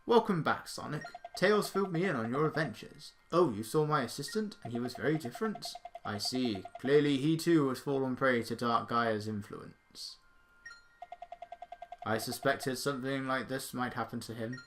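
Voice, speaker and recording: A man's voice: mid-range voice, background noise, close to an everyday voice. A man reading as an earnest old professor. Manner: reading game dialogue aloud, measured. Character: older male professor, earnest and scholarly.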